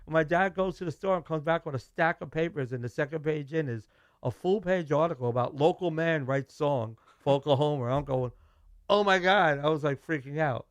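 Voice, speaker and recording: Recorded without echo, a middle-aged man with a Brooklyn New York accent speaks briskly in a voice on the high side. As a musician guest in a casual interview, he tells animated stories, acts out quoted dialogue, and restarts.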